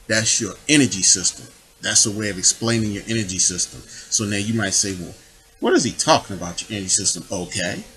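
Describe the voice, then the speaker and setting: A man's voice: lowish voice, sharp tone, low-quality recording. A man giving a rambling spiritual monologue, digressive and full of rhetorical questions. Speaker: public official making his own videos.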